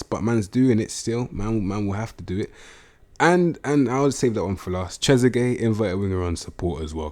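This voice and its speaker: A young man giving casual, slangy video game commentary, blunt and prone to excited outbursts. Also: low voice. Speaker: gaming YouTuber.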